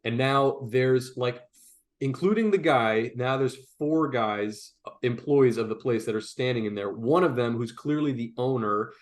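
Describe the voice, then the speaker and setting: A young man, podcast co-host, telling a story in casual chat, animated and profane, full of "like" fillers. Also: mid-range voice, measured pace.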